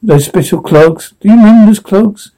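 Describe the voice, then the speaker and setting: An actor playing a young man who gently recalls his younger brother's childhood in a TV drama. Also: high voice, moderate pace, natural voice, low-quality recording. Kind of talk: TV drama dialogue.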